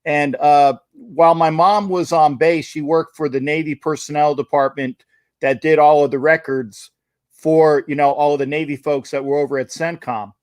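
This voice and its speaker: A man hosting a casual interview, telling a story in an animated way over a video call. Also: on the high side, normal speed, no echo, studio quality. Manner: animated storyteller, acts out quotes excitedly. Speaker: podcast host.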